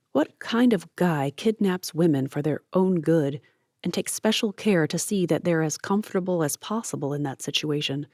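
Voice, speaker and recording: A woman narrating an audiobook in a steady, measured reading voice. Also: sits low, dry recording, clean studio sound. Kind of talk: scripted narration.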